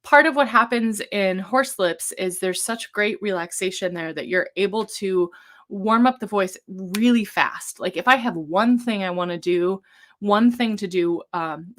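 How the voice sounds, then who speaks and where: A woman leading a live-streamed vocal warm-up as a voice coach, talking gently and encouragingly in a casual way, with some ums. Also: on the low side.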